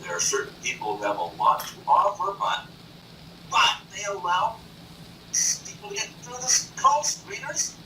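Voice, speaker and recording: A man from North Carolina, a boastful and animated talk show guest in a TV studio. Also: sits high, distant mic. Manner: boastful, animated, does quick impressions. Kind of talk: boastful chat. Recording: echoey room, off-mic, noisy.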